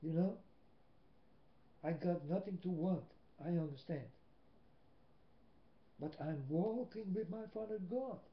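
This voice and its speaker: A man with a Dutch accent, a native Dutch speaker, gives a slow, emphatic religious monologue into a webcam, with long pauses between phrases. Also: sits high. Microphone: built-in webcam mic. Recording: echoey room, dull lo-fi webcam audio.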